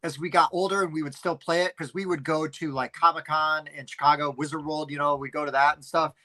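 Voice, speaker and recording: A middle-aged man co-hosting a casual chat, telling rambling, animated stories with plenty of fillers. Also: fairly high pitch, fast talker, poor audio. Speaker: podcast co-host.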